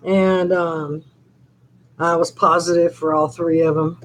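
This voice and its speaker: A woman's voice: fairly low pitch, level tone, takes it slowly, a little hiss or hum, poor audio. Chatty older woman rambling on a live stream. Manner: rambling, chatty storytelling with many fillers. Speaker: channel host on a live chat. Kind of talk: casual live-stream chat.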